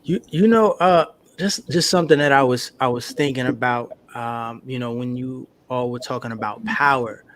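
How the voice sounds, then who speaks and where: A man's voice: mid-range voice, normal speed, few pauses, a bit bright, rough recording. A man on a podcast panel, thinking aloud in a thoughtful, hesitant way with many "um"s and "you know"s. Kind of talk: casual panel discussion.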